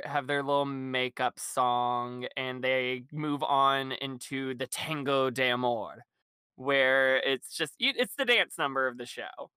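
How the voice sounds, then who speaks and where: A man chatting casually on a podcast, wandering through his thoughts with lots of fillers and laughter. His voice is bright and smooth, and the sound is dry and close. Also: medium pitch, dry recording. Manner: rambling, laughs often, many fillers. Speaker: podcast co-host. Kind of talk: casual chat recapping a musical.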